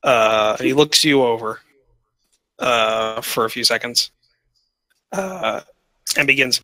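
A man's voice: medium pitch, takes it slowly, long pauses, pushed and bright, no echo, rough recording. A man running a tabletop game as game master, narrating with frequent hesitations and fillers.

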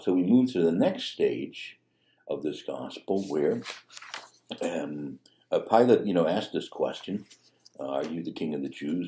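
Man, priest, conversational sermon, mellow low voice, roomy echo. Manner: conversational, with fillers and restarts. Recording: echoey room.

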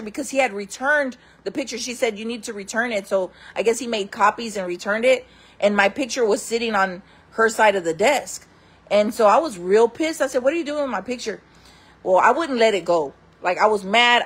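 A woman telling her own stories to camera in casual, candid talk, often calling her viewers friends. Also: mid-range voice. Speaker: storyteller host.

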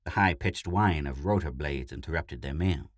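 A man narrating a science fiction short story in a steady, measured reading style. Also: rumbling low, no room sound, studio quality.

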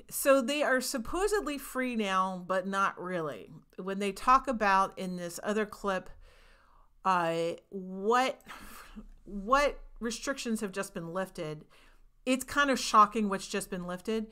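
Bright-voiced chatty woman host. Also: medium pitch. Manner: chatty, reads viewer comments aloud. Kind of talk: casual livestream commentary. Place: home in rural New England.

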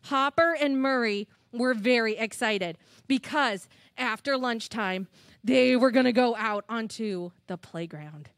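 A woman telling a children's story at church, animated and chatty with the kids, into a handheld mic. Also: a little high, measured pace, dry recording, clean studio sound. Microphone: handheld microphone.

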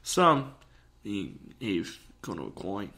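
A young man co-hosting a podcast, talking in a rambling, animated way. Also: lowish voice, takes it slowly. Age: young adult. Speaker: podcast co-host. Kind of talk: casual chat.

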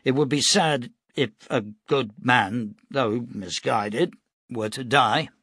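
A man's voice: mid-range voice, slow, fairly bright tone, husky, no room sound, studio quality, exaggerated voice. A man voicing a tall, easygoing militia captain who explains himself at length. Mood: measured.

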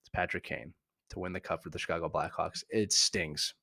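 A man from Philadelphia with a Philly accent, hosting a live hockey chat and answering viewer questions in a chatty, animated way. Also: low-pitched, brisk, vocal fry, dry recording, clean studio sound. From Philadelphia, USA. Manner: animated, chatty, full of filler words and asides.

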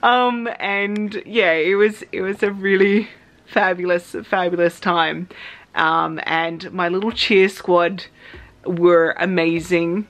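An Australian woman chatting in a casual vlog, telling a story with excitement and acting out her own reactions. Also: fairly low pitch, takes it slowly. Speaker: cosplay vlogger.

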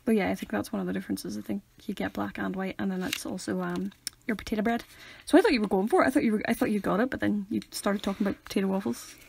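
A woman's voice: medium pitch, steady tone, racing, gravelly, slightly rough. A young Northern Irish woman co-hosting a podcast, chatting playfully and breaking into giggles. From Northern Ireland. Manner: playful, bursts into loud giggling. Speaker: podcast co-host. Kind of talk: casual chat.

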